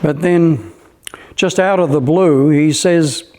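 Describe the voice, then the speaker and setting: A man recalling old memories in a casual, halting way, with many pauses and fillers. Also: a little high, mellow. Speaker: storyteller recalling a spiritual gathering. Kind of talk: casual spoken recollection.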